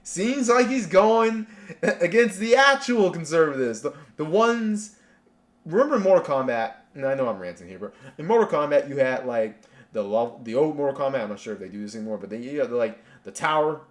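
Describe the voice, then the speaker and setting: A man's voice: fairly high pitch, lively intonation, brisk. A man hosting a casual reaction rant, sarcastic and rambling, with lots of restarts. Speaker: commentary channel host.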